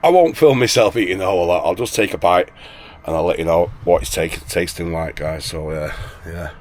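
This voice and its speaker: A low-voiced man chatting easily to his viewers from inside a camper van. He films on a handheld camera and keeps calling his audience guys. A faint sizzle of frying food sits behind his voice. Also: brisk, a little mellow, slight background noise. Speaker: van life vlogger. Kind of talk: casual vlog narration while cooking. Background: food frying in a pan.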